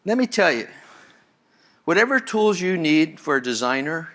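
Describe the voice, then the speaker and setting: A man's voice: on the high side, big pitch swings, normal speed, pauses often, a bit bright. A man giving a live conference talk as a senior engineer, enthusiastic and conversational, often repeating and restarting words. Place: conference hall with audience.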